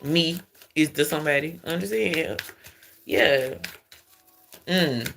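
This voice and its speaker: A woman's voice: low-pitched, slow pace, gravelly, fairly bright tone, slight background noise. A woman giving a casual spiritual card reading. She is chatty, calls her listeners baby and keeps asking if they understand. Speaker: intuitive card reader.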